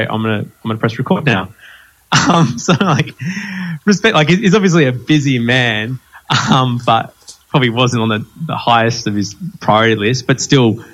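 A man hosting a podcast, telling stories in casual chat with lots of fillers and laughter. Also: on the low side. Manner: animated storytelling with frequent laughs and fillers. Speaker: podcast host.

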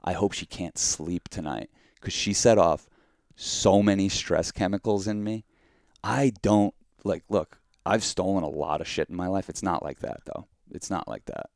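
Very low gravelly-voiced man storytelling. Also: normal speed, darkish tone, dry recording, clean studio sound. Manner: rambling, heavy use of "like"; profane, mock-outraged quotes. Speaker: podcast co-host. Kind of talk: casual storytelling.

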